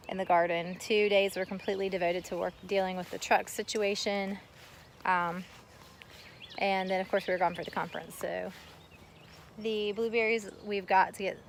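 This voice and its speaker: A woman's voice: mid-range voice, little pitch movement, normal speed, gravelly, a little hiss or hum. A woman chatting casually as she walks through her garden filming on a phone, rambling a bit and a little out of breath. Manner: chatty, rambling, talks to kids and dog while filming. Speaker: homestead vlogger giving a garden tour. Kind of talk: casual walking garden tour. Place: outdoors in a backyard garden. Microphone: phone camera held while walking.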